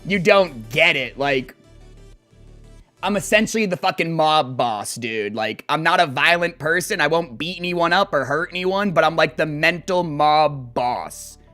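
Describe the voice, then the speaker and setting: A man's voice: on the high side, measured pace, faint music behind. A man streaming as he plays a game, chatting casually and telling rambling, profane stories. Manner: animated, profane, rambling storytelling. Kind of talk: casual chat while gaming.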